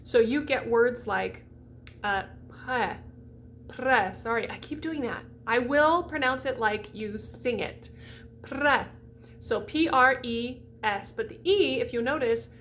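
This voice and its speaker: A woman's voice: on the high side, a bit bright, slight background noise. A woman voice coach giving a diction lesson, demonstrating sounds and speaking directly to the viewer.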